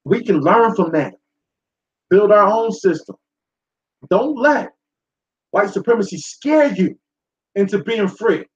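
A man's voice: high voice, animated, slow, pauses often. A man hosting a talk show, delivering a blunt, profane, preachy monologue to his listeners. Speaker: show host. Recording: echoey room, dull sound.

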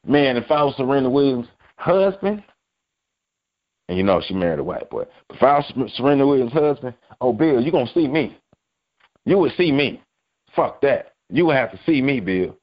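A man's voice: mid-range voice, sing-song, moderate pace. A man hosting a sports podcast and delivering a heated, profane rant, repeating himself for emphasis. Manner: angry, profane, repetitive. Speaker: podcast host. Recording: dull lo-fi audio.

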